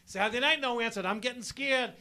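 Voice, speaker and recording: A man doing stand-up comedy on stage, loud and punchy, talking to the crowd as folks. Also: extremely high pitch, quick pace. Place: stage before a live audience.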